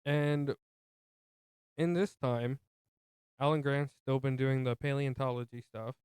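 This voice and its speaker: A man's voice: mid-range voice, steady tone, unhurried, a little mellow, clear, resonant tone, no echo, clean studio sound. A man co-hosting a movie podcast, casually retelling the plot with jokey asides. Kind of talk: casual film recap chat.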